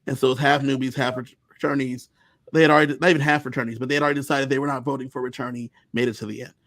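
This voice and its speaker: A man co-hosting a fan podcast, recapping events in casual, animated chat and acting out other people's lines as he tells the story. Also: medium pitch, rapid-fire, dry recording. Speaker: podcast co-host.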